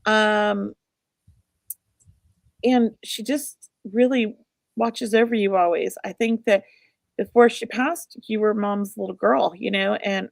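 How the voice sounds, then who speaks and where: A woman's voice: mid-range voice, fairly even intonation, takes it slowly, gravelly, long pauses, no room sound, clean studio sound. A middle-aged woman co-hosting a show, giving casual spirit readings in an emotional, rambling way. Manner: emotional, warm-hearted, rambling. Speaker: psychic medium co-host.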